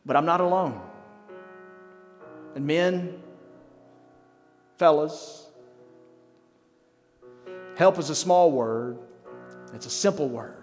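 A middle-aged man preaching a sermon as pastor, conversational and self-mocking, with dramatic pauses. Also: a little high, a little mellow. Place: church sanctuary. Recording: reverberant church hall with faint music.

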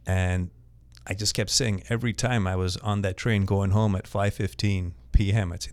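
A man's voice: low voice, fairly even intonation, normal speed, few pauses, no room sound. A man from Canada, a guest on a podcast, telling his story in an earnest, plain way. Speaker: guest, real estate agent. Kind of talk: casual podcast interview.

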